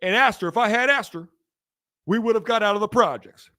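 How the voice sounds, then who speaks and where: An older statesman orating to a crowd in measured phrases, as a young streamer puts him on. The voice sits noticeably higher and louder than the streamer's own.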